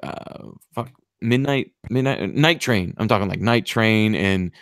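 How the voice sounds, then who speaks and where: A man with a fairly low voice hosts a podcast quiz in loose casual chat. He rambles, leans on fillers and swears offhandedly. The sound is dry and close. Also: unhurried, a bit bright, dry recording. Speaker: podcast host running a quiz.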